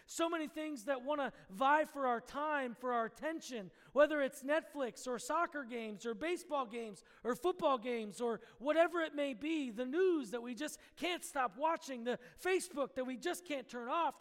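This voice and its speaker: A man's voice: extremely high pitch, moderate pace, few pauses, a bit bright, in a large hall. A man preaching a sermon, praying and then telling a story in an earnest storytelling manner. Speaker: pastor. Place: church sanctuary.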